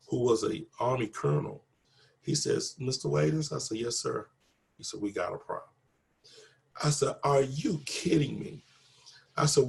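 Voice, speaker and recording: This man, being interviewed, recounts a personal story conversationally in a mid-range voice that's a little mellow with some vocal fry. He acts out every exchange of dialogue, repeating "I said" and "he said," and his testimony is earnest and full of faith.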